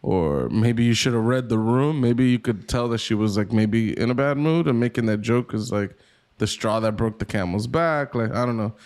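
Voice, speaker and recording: A man's voice: mid-range voice, normal speed, a little mellow. A man co-hosting a podcast in casual chat, thinking aloud with many restarts. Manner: rambling, many fillers and restarts, self-questioning. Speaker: podcast co-host.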